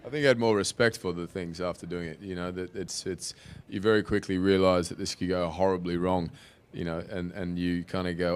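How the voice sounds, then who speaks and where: Low-voiced guy answering panel questions, rambly, lots of restarts and fillers. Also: fairly even intonation, brisk, clear, resonant tone. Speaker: actor on a panel.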